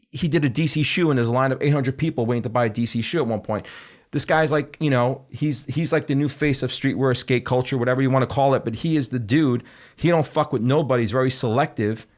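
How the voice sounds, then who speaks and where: A man's voice: medium pitch, brisk. A middle-aged man, a guest on a podcast, telling stories casually and with lots of swearing, acting out what other people said. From Brooklyn, New York. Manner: animated, profane storytelling that acts out other people's words. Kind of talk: casual chat.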